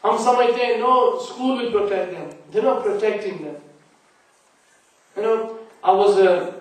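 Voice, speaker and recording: A man's voice: sits high, measured pace. A man giving an earnest, admonishing lecture in a mosque, telling a story to make his point. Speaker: preacher. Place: large mosque hall. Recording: echoey mosque hall from far off.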